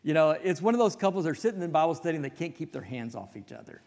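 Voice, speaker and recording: A man's voice: fairly high pitch, big pitch swings, very fast, darkish tone. A male pastor giving a conversational sermon, telling folksy stories with self-deprecating asides. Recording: long reverb of a hall.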